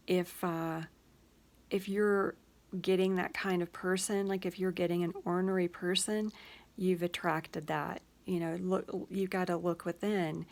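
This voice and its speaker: Soft-spoken woman thinking out loud. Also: on the low side. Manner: thoughtful, thinking out loud with many fillers; gentle, drops to soft whispers at times. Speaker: host of a personal reflection show. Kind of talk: casual reflective monologue.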